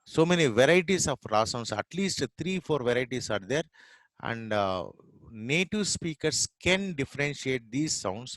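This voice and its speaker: A man's voice: mid-range voice, fairly bright tone, dry recording. Indian man teaching English sounds. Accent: Telugu-influenced Indian English. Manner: repeats sounds and words slowly to demonstrate, many fillers. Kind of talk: informal spoken lesson.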